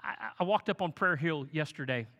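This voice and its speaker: A man preaching a sermon as pastor, telling stories with lively swings between soft and loud passages. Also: on the high side, moderate pace. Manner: animated storytelling with big swings in loudness. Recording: long hall reverb.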